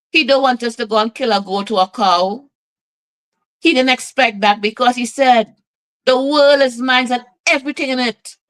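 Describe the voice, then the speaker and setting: A woman preaches on a live broadcast, voice sitting a little high. She stretches her phrases out in a slow, rhythmic cadence. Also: a bit bright, poor audio. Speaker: radio host.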